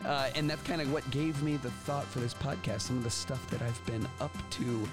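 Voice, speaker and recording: A man hosting an education podcast, talking in an energetic, chatty way with frequent restarts. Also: medium pitch, moderate pace, over music. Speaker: podcast host. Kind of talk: casual podcast talk.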